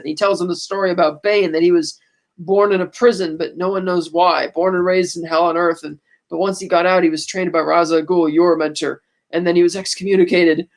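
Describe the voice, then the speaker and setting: High-pitched guy on a podcast, acting out movie lines as he recaps. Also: little pitch movement, a little fast. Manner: retells scenes by quoting the characters' lines; frequent restarts and laughs while recapping. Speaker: podcast co-host. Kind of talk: casual movie-review chat.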